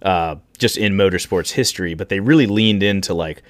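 A man co-hosting a casual podcast, explaining things in a measured way with frequent pauses. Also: low voice, no room sound, clean studio sound. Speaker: podcast co-host explaining rally history.

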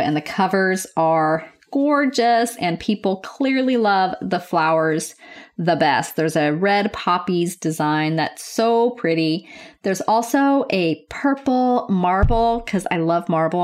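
A woman hosting her nursing podcast, chatting in a bubbly, enthusiastic way from her office. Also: on the low side. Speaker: podcast host, nurse. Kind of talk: casual podcast chat. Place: home office.

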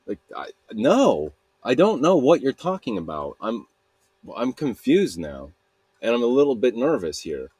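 A man's voice: mid-range voice, wildly swooping pitch, unhurried, darkish tone, slightly rough, dry recording. A young man from Utah rambling through a solo podcast monologue, self-mocking and trailing off mid-sentence. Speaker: podcast host.

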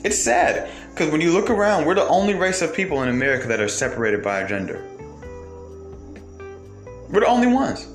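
A man's voice: fairly high pitch, sing-song, a little fast, pauses often. A man delivering a heated, profane monologue to his viewers, firing off rhetorical questions. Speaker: commentator. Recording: roomy echo, faint music behind.

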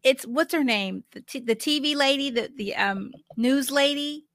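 Bright-voiced chatty woman co-host. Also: high-pitched, moderate pace, no echo, clean studio sound. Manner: chatty, searching for words, laughs easily. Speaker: podcast co-host. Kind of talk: casual chat.

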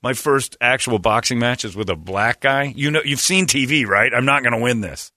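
A man hosting a podcast, telling comic stories in a lively way and acting out the quotes. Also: medium pitch, normal speed, dry recording, clean studio sound. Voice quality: animated, acts out quotes. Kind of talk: comic storytelling chat.

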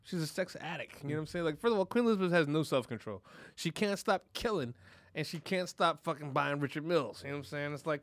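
A man's voice: fairly high pitch, expressive, fast talker, fairly bright tone. A man co-hosting a podcast, rambling through crude casual banter full of profanity and "you know what I'm saying.". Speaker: podcast co-host.

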